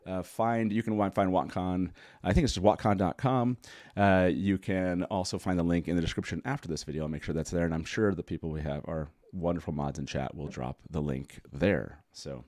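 Deep-voiced chatty man hosting a live show. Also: a little fast, darkish tone, no echo, clean studio sound. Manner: rambling, self-correcting, chuckling. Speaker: host. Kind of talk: casual live talk show.

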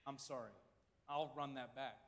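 A man preaching a sermon in a dramatic style, acting out crowd voices and swinging between loud and hushed. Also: medium pitch, steady tone, moderate pace, long reverb tail. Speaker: pastor. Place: large church hall.

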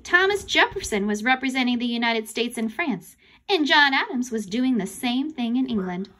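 A woman voicing an excitable grown man hosting a school quiz, announcing in a bouncy way. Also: a little high, moderate pace, voice pushed up. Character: excitable adult male quiz host.

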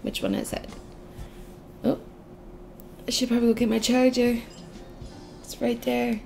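A woman's voice: a little high, flat delivery, unhurried, vocal fry, a little mellow, faint music behind. A young woman giving casual gameplay commentary, gushing and squealing over cute things with lots of giggles. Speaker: gaming channel host.

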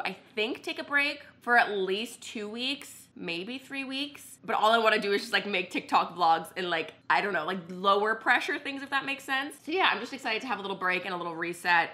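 A woman's voice: medium pitch, bright, forceful tone. A young woman chatting casually to her camera at home as a lifestyle vlogger, upbeat and giddy, with lots of "like" fillers. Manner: chatty, filler-heavy with frequent "like". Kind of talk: casual vlog chat. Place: indoors at home. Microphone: wireless mic worn for filming.

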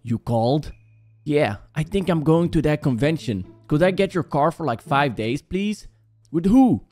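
A man doing joking, animated play-by-play commentary while playing a horror game. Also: on the high side, normal speed, faint music behind. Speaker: gaming YouTuber.

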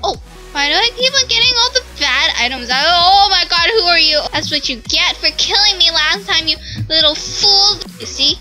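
A woman hosting a gaming video in an excitable commentary style, breaking into squeals and laughter. Her voice sits very high and leaps around constantly. Music plays clearly underneath her. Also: moderate pace, rough recording. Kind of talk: excited let's-play commentary. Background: background music.

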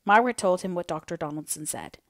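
A woman reads a classic novel aloud in measured, steady scripted narration. Her voice sits on the lower side, and the recording is close and dry with no room sound. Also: dry recording. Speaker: audiobook reader.

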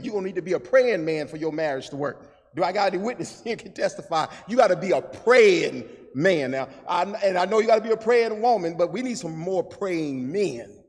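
A male pastor preaching a sermon with call-and-response energy, moving from quiet asides to shouts and sung lines. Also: sits high, slightly rough. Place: church sanctuary. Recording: long church hall reverb.

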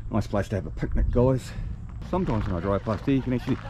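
A man's voice: fairly low pitch, fast, noisy background. A man vlogging in a casual, enthusiastic way as he walks outdoors, chatting straight to his viewers. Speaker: travel vlogger. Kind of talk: casual walking vlog. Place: outdoors among rocks.

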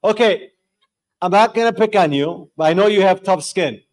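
A young man leading a live group discussion before an audience in a room, telling stories and questioning the room in an animated way. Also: high voice, normal speed. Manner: animated, storytelling, quizzing the audience. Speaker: discussion leader.

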